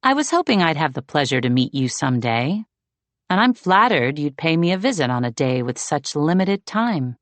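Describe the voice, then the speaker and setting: A woman voicing a genial male watchman who speaks in a slow, easy, relaxed Californian way. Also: sits low, no echo.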